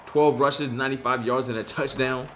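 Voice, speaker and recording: A young man giving casual, slangy commentary on his own video game play, excitable and frustrated. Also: medium pitch, moderate pace, a little hiss or hum. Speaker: gaming YouTuber.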